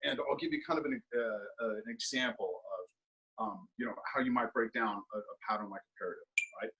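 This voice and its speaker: A man teaching percussion in an instructional clinic, counting beats aloud and explaining practice habits in a relaxed, thinking-aloud way full of fillers. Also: lowish voice, fairly quick, lo-fi sound. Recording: steady ticking and tapping noise under the voice.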